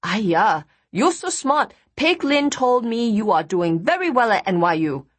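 A boastful, jovial family patriarch who runs his own firm, as a woman reads him aloud. The voice jumps around lively and sounds a little husky. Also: high voice, measured pace, voice pushed up, exaggerated voice. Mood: teasing. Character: jovial middle-aged male company boss, proud father.

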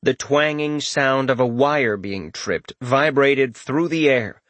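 A man reading a fantasy audiobook in steady, even storytelling narration. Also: medium pitch, takes it slowly, dry recording.

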